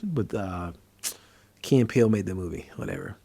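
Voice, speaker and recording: Low-voiced man explaining casually. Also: normal speed, a little hiss or hum. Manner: conversational, storytelling, animated when acting out scenes. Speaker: psychiatrist host. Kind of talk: casual educational talk.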